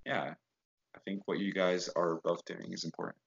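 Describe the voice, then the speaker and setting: A man's voice: deep voice, flat delivery, normal speed, gravelly, fairly bright tone, husky. A man talking as a podcast guest, earnest and rambling with fillers in a casual chat. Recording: dull lo-fi sound.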